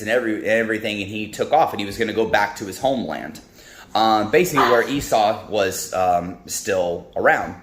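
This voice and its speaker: Man with a relaxed devotional storytelling style, rambling, in a roomy room with faint music under it. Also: lowish voice. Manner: rambling, full of ums and restarts. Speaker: speaker of a devotional talk. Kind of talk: casual Bible storytelling.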